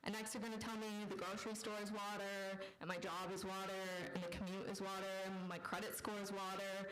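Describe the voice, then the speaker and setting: A woman's voice: medium pitch, little pitch movement, a little fast, a bit bright, reverberant, slight background noise, natural voice, rough recording. A woman voicing a cocky, sarcastic young male fish who taunts and mocks. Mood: mocking. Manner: taunting, mocking.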